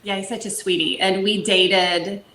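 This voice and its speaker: Guest, woman, 40s, from Northern California; earnest, halting storyteller, roomy echo, faint background. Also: mid-range voice, steady tone, bright, forceful tone, slight background noise. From Northern California, USA. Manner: earnest storytelling, many fillers and restarts. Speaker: foster parent guest. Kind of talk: casual podcast interview.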